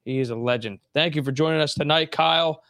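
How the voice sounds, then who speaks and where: A young adult man hosting a casual sports talk show, animated and quick to jump into high voices. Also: clear, resonant tone, dry recording, studio quality. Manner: animated, jumps into high voices when quoting. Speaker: podcast host.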